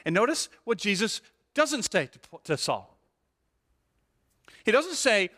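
A male pastor preaching a sermon with animated delivery, rhetorical questions and frequent "right?" asides, restarting and repeating words as he builds a point. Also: high-pitched, unhurried, pauses often. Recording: long hall reverb.

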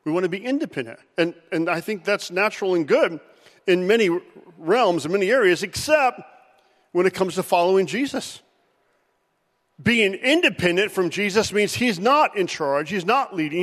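A man preaches a sermon with a high voice. He talks in an animated way and acts out the voices of the people in his story. His voice rings with the long reverb of a large church hall. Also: normal speed. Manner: animated, acts out Bible figures' voices with rising pitch.

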